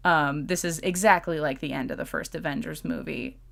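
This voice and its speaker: A woman's voice: deep voice, brisk, creaky, fairly bright tone. A woman co-hosting a podcast, chatting playfully and laughing often. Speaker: podcast co-host. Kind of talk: casual chat.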